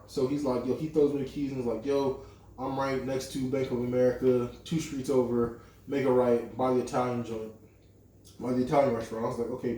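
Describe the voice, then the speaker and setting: A man's voice: medium pitch, a little hiss or hum. A young man on a podcast, telling a long personal story in casual, profane talk and acting out the lines of the people in it. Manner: animated, profane storytelling with lots of quoted dialogue. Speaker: podcast co-host. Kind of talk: casual storytelling among friends. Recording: echoey room, mic at a distance.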